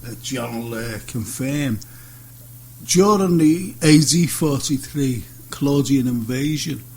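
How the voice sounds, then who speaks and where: A man's voice: medium pitch, slow pace, a little mellow, slightly rough, low-quality recording. A man hosting a radio chat show, jokey and chatty, telling his own stories. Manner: jokey, chatty, breaks in eagerly.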